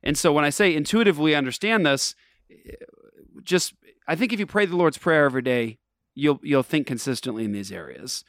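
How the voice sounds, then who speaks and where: A man's voice: fairly high pitch, expressive, brisk, fairly bright tone, dry recording. Man, radio host, earnest and emphatic, preacherly, tired, dry close sound. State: tired from travel. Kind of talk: casual faith talk.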